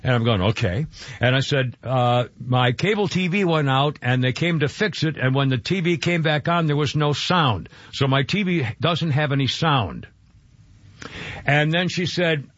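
A man's voice: fairly high pitch, animated, normal speed, bright, forceful tone, dry recording, dull audio. An eighty-year-old man telling an exasperated, rambling story in a casual radio monologue, grumbling and tossing in sound-effect words. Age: 80s.

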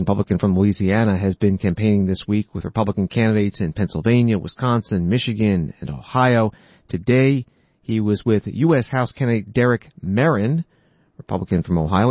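A man reading scripted news narration in a measured, formal manner. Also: lowish voice, darkish tone, husky, no echo, highs cut off. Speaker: news anchor.

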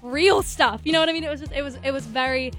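A woman's voice: sits high, steady tone, very fast, a bit bright, soft background music. A teenage girl with an English accent, a guest in a radio studio, bubbly and giggly, saying "like" a lot. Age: teens. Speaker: guest singer and actor. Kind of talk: casual radio interview.

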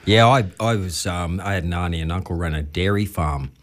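Australian male podcast host, low voice, relaxed storyteller. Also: brisk. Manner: laid-back yarn-spinning, chuckles through stories. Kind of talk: casual storytelling chat.

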